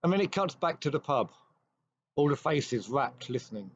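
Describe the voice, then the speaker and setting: A man hosting a show, retelling an old ghost story with measured pacing and dramatic pauses. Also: medium pitch, very animated, breathy edge. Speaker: host. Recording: dry, slightly dull recording.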